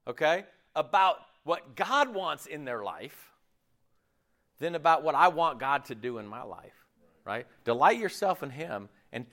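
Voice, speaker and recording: A man preaching a sermon in an animated way, checking in with his listeners often. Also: on the high side, normal speed. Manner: animated, acts out quoted voices, checks in with "right?" and "okay?".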